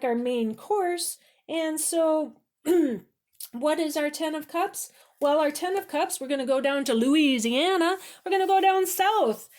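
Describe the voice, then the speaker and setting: Gentle high-voiced woman reading tarot. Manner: gentle, meandering, many fillers and restarts, repeats "beautiful". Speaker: tarot reader and cooking channel host. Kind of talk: casual unscripted tarot reading and recipe talk.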